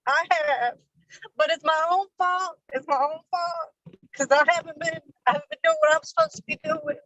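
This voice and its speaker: Woman caller driving her car, high bright voice, emotional and halting, dull lo-fi phone sound. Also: animated. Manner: halting, self-conscious. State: emotional, close to tears.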